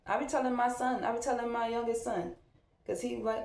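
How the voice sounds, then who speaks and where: Her pitch sits fairly high with a level tone, and she talks a little fast, with vocal fry and a darkish quality. She's a mom vlogger chatting casually while getting ready at home, candid and reflective in a loose way. The room has an echo.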